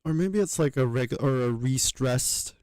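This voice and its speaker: A man's voice: medium pitch, a little slow, a little mellow, clear, resonant tone, dry recording. A man thinking aloud as he works, hesitant, with many fillers and self-corrections. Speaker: channel host working through a reconstruction. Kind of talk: thinking aloud while working.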